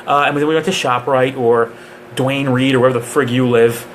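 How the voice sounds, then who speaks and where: A man's voice: medium pitch, fairly even intonation, brisk, a little hiss or hum, lightly acted, poor audio. A man voicing a polite, apologetic churchgoing woman in her fifties who has been stopped for speeding. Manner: sweet, apologetic, flustered.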